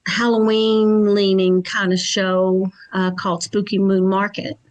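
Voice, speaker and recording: A woman's voice: medium pitch, flat delivery, unhurried. A woman guest from Kentucky chatting casually on a podcast about her events and psychic work.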